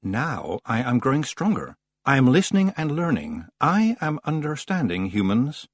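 A man voicing a faint, whispering male winter spirit, speaking slowly and eerily. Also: mid-range voice, wildly swooping pitch, husky, pitched above the performer's own voice. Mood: eerie coaxing.

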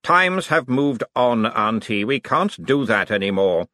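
A man's voice: medium pitch, sing-song, measured pace, sharp tone, dry recording. A man voicing a stiff, proud aristocratic man who speaks sternly and in clipped phrases, in an audiobook. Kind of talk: audiobook character voice.

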